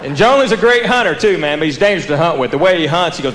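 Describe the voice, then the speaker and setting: A man with a Southern US accent doing stand-up comedy, telling stories animatedly, stretching out vowels and acting out characters. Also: fairly high pitch. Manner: animated storytelling, drawn-out vowels, acts out characters. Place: live comedy venue with audience. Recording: roomy hall with audience noise. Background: crowd laughter.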